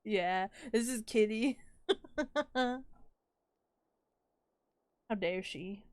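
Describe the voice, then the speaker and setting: A woman streamer giving casual gameplay commentary, giggly and quick to laugh, with dramatic reactions, on a close desk mic. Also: medium pitch, no room sound.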